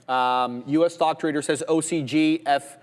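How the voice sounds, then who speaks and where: A man hosting a live trading stream, calling out prices and levels in quick market commentary. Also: fairly high pitch, fairly even intonation, big-room sound. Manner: rapid price calls, banter with co-host. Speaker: trading livestream host.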